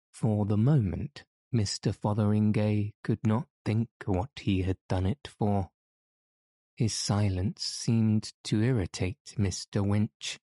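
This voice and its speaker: A man reads a classic story aloud in a slow, measured way. His voice is low and dark, and the recording is dry and close. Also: steady tone, dry recording. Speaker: audiobook narrator. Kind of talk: scripted narration of a classic story.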